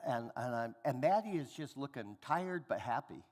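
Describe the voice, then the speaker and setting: A man's voice: medium pitch, normal speed, long reverb tail. A man preaching a sermon, telling family stories and acting out the voices of the people in them. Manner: animated storyteller acting out family dialogue. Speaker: pastor. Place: church hall.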